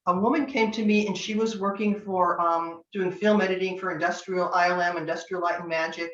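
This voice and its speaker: A woman's voice: lowish voice, fairly even intonation, fairly quick, fairly bright tone. An older woman from Northern California teaching tarot in a chatty, anecdotal way, acting out bits of dialogue. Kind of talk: online master class talk. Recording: echoey, distant, dull lo-fi sound.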